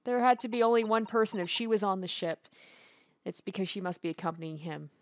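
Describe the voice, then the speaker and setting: Excitable woman reacting to a game. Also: mid-range voice, quick pace, no echo, studio quality. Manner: excitable, swears and laughs while reacting. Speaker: let's play streamer. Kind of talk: casual game commentary. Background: faint game music.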